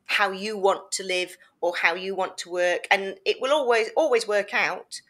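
A woman's voice: mid-range voice, normal speed, a bit bright. A woman co-hosting a casual podcast chat, talking in an earnest, emphatic and encouraging way. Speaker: podcast co-host.

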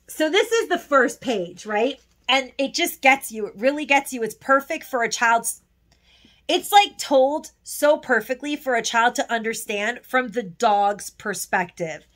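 Woman, high pitch, bright voice, gushing, casual haul chat. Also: animated, unhurried. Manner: gushing, emotional, chatty. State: tearful at times. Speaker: haul vlogger.

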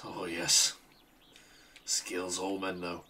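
A man's voice: medium pitch, animated, normal speed, a bit bright, a little hiss or hum. A man giving wry, sweary commentary while playing a game. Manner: sweary, wry, talking to himself. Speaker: streamer. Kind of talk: casual gameplay commentary.

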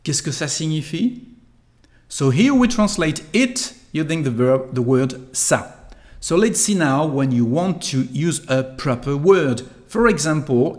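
Tutor man explaining phrases. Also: medium pitch. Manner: clear, deliberate explanation with repeated model phrases. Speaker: online French tutor. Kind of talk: language lesson.

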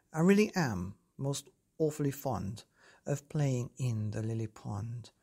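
A woman with a low, slightly husky voice reads a rhyming bedtime story. Her pitch swoops lively through the verse, and she is expressive and playful.

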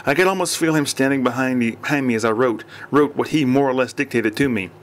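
A man's voice: mid-range voice, fast talker, close to an everyday voice. A man doing an earnest, defensive writer.

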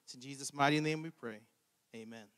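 Earnest male prayer leader, somewhat high voice, long hall reverb. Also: fairly quick. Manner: steady, earnest prayer cadence. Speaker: church leader leading prayer. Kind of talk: spoken prayer.

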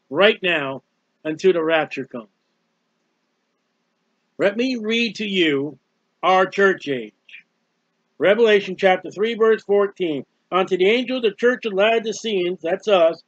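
A man's voice: high-pitched, fairly bright tone, no room sound. A man preaching a fiery sermon, scolding and mocking his listeners. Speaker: street preacher. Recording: dull, dry lo-fi recording.

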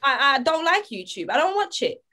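A woman co-hosting a casual podcast, her voice pitched high and swinging widely. She talks emphatically, with mock-indignant complaints in easygoing banter. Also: very animated, normal speed, pushed and bright. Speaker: podcast co-host.

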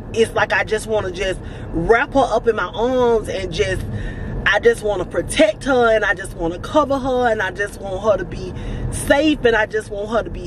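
A woman in her forties, a vlogger chatting excitedly and rambling to her phone camera from her car. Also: a little high, a little hiss or hum, rough recording. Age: 40s. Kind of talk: casual vlog talking to camera.

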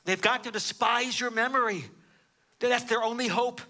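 Casting: a man playing a solemn priest, low and earnest, bright edge. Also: steady tone, moderate pace. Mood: pleading. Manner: low, grave, earnest pleading. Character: earnest male prison priest pleading quietly.

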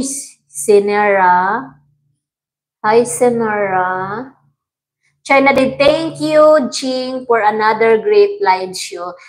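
Slow-talking woman hosting a live stream. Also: medium pitch, rough recording. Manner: chatty, thanks viewers by name, laughs often. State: strained throat. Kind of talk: casual live-stream chat, reading viewer comments aloud.

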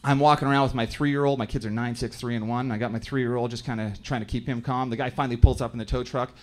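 A Canadian man in his thirties performing a stand-up comedy set on a club stage, telling family stories and briefly acting out other people in quick voices. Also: mid-range voice, fairly even intonation. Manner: storytelling, acts out other characters in quick voices.

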